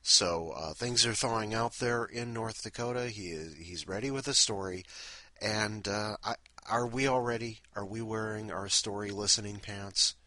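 A man's voice: fairly low pitch, normal speed, bright, forceful tone, dry recording. A man hosting a podcast in casual, rambling, self-deprecating chat. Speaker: podcast host.

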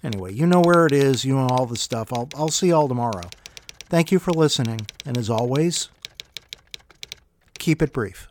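A man's voice: mid-range voice, expressive, normal speed, pauses often, slight background noise. A man hosting a podcast, reading a short story in a casual, wry, musing way with self-deprecating asides.

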